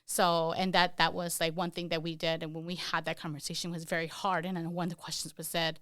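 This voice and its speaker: Earnest, lowish-voiced woman, dry sound. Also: level tone, fast, few pauses, fairly bright tone, dry recording. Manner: earnest and heartfelt, with many fillers. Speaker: guest, parent of an autistic child. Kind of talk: candid conversational interview.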